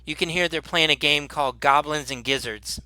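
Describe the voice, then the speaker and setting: Brief: male game master, bright slightly high voice, dry close sound, rambling narration. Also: no echo. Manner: rambling, halting, laughs often.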